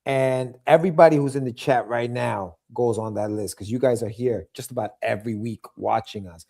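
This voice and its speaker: Excitable man hosting a live stream. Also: mid-range voice, normal speed, vocal fry. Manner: excitable, hyping up his guests. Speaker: livestream show host. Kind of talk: casual live-stream chat.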